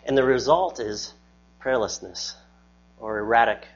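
Husky-voiced male pastor preaching earnestly. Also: mid-range voice, unhurried, highs cut off. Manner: earnest, emphatic, repeats words when restarting. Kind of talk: sermon.

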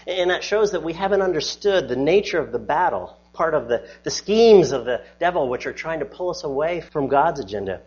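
A man's voice: on the high side, breathy edge, muffled recording. A man preaching a sermon as pastor, earnest and emphatic, often repeating words as he restarts a thought.

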